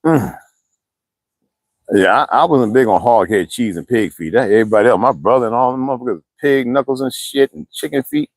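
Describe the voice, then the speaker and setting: A man's voice: mid-range voice, brisk, no echo, rough recording. An older man from the US East Coast, rambling and profane in casual livestream chat, answering viewers as he goes. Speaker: livestream host.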